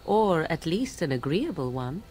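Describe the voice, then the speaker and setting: A woman's voice: deep voice, sing-song, measured pace, darkish tone, husky, heavily acted. An actress voicing a young, aloof, sardonic witch in a video game, speaking in a cool, archaic, mocking way. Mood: cool wry. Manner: archaic cool speech, wry amusement.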